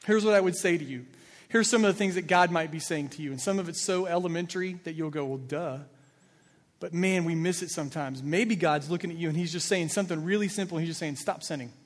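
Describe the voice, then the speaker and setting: A man's voice: fairly high pitch, quick pace. A man preaching a sermon as pastor in a church sanctuary, earnest and direct, sometimes stumbling over and repeating his words. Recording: long reverb of a church hall.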